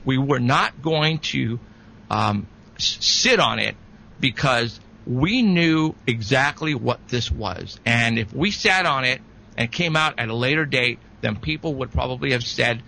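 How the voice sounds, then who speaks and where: A man, a paranormal investigator, telling an excited, halting story as a guest in an interview. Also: medium pitch, gravelly, low-quality recording.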